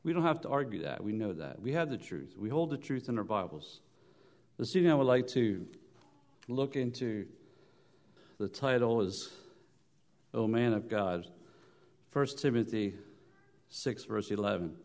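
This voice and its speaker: A man preaching a sermon at an evening church service, his voice of middling pitch. He tells stories, often restarts and repeats words, climbs loud on emphasis and then drops low and soft. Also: lively intonation, normal speed, pauses often. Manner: storytelling, rising loud on emphasis and dropping soft.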